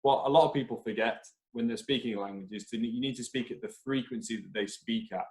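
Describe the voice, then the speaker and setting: A man's voice: mid-range voice, fast, a little mellow. Rambling man teacher in an echoey room. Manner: rambling, full of restarts and asides. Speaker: podcast co-host, teacher. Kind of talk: casual podcast discussion.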